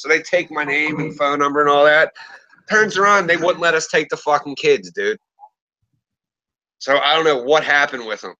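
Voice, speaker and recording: A man in his thirties tells a story in loose, casual conversation. His voice is bright and forceful, and his speech is full of profanity. He acts out the lines of each person he quotes. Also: fairly high pitch, normal speed, highs cut off. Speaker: podcast host.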